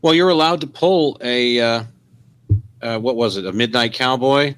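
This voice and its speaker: A man's voice: mid-range voice, moderate pace, fairly bright tone, a little hiss or hum. A man co-hosting a casual podcast, joking in a wry way. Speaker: podcast co-host. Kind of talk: casual chat.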